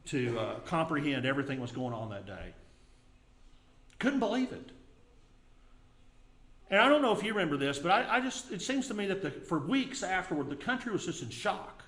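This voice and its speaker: A man's voice: mid-range voice, fairly bright tone. A middle-aged man preaching a sermon in a church in an earnest, conversational way. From United States. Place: church sanctuary. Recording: echoey church room.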